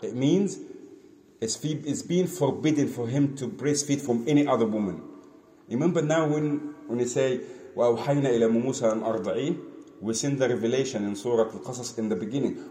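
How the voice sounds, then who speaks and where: Man, storytelling lesson, asks the class questions, mellow voice, roomy echo. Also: medium pitch, very fast. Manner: asks the listeners questions, acts out quotes. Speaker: teacher. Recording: echoey room with faint ambience.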